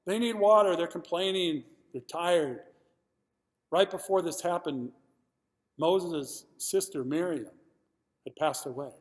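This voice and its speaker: A male pastor preaching a sermon, talking expressively and moving between loud emphasis and quiet, heavy moments. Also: on the high side. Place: church sanctuary. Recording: long reverb of a church hall.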